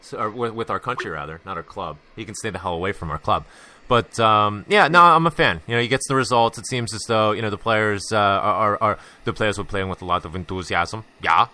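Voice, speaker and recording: A man's voice: on the low side, fairly quick, sharp tone. A young American man hosting a casual sports chat, hungover and rambling with lots of fillers and restarts. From United States. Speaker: podcast host.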